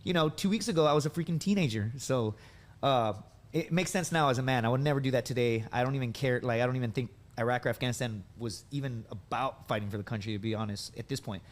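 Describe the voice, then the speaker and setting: A man's voice: medium pitch, fast talker. Rambling storyteller man in his thirties. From United States. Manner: rambling, full of likes and dudes. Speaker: podcast guest, veteran and comedian. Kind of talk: casual storytelling.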